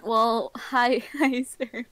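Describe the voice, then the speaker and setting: High-voiced woman guest on stream, teasing and laughing, easy pace, dry mic. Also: flat delivery, very slow, a bit bright, dry recording. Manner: playful, laughs a lot, teasing. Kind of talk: casual chat.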